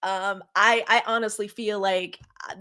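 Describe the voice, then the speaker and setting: A woman's voice: mid-range voice, steady tone, unhurried, clear, resonant tone. A woman in her fifties from Mississippi chats on her own livestream. She gushes over her viewers, welcomes them again and again, and keeps saying "y'all". Her talk is loose and unscripted, with many ums and restarts. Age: 50s. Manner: warm, effusive greetings to viewers, lots of "y'all". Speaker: livestream host. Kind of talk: casual livestream chat. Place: home setup.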